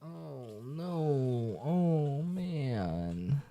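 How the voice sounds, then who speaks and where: A man's voice: mid-range voice, expressive, very slow, gravelly, mellow. A man reacting casually to a music list, muttering exasperated, profane comments with whispered asides.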